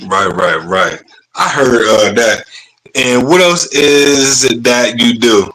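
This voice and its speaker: A man's voice: medium pitch, slow, pushed and bright, low-quality recording. A man hosting a casual interview, asking questions and encouraging his guest to go on. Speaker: interview host.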